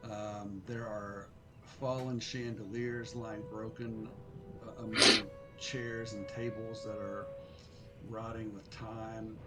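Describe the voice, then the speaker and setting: Man, game master, slow deliberate narration, clear music underneath. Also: fairly low pitch, flat delivery. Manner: measured, descriptive with fillers. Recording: music playing clearly behind.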